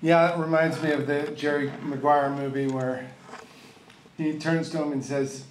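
A middle-aged man and longtime tennis coach giving a hall of fame acceptance speech, telling humorous anecdotes with halting restarts. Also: on the high side, fairly even intonation. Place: large event hall. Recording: echoey hall with faint ambience.

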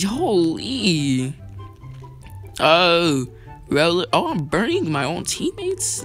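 A young man giving excitable, self-mocking commentary over his own football video game, hyping plays as he goes. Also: on the high side, drawn-out words. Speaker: gaming video creator. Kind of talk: live gameplay commentary. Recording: light music underneath.

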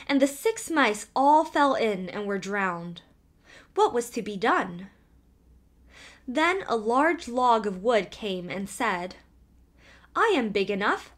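A woman reads an old fairy tale aloud at an unhurried pace. Her voice is a little high and full of movement, and she shapes each line expressively as she narrates. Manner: expressive storytelling. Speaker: audiobook narrator.

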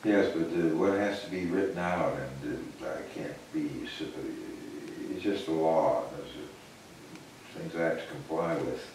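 A man, a doctor asking measured, hesitant questions during a consultation. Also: rumbling low, darkish tone. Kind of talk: consultation with a patient. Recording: echoey room, mic far off, faint noise.

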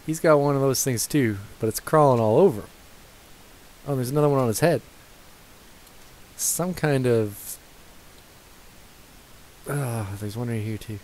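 A man's voice: medium pitch, a little mellow, low-quality recording. A young man casually commentating his gameplay, cursing and joking at the characters on screen. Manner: profane, joking, talks to the game characters. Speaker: let's play gamer. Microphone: gaming headset.

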